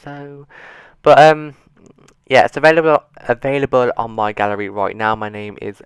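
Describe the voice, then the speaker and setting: A man talks casually through a game while sitting at his computer. He rambles and drifts into dry, self-mocking sarcasm. His voice comes across smooth and clear, recorded close and dry with no room sound. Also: mid-range voice, little pitch movement, moderate pace, no echo. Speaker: gaming YouTuber. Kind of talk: casual gameplay commentary. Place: seated at a computer.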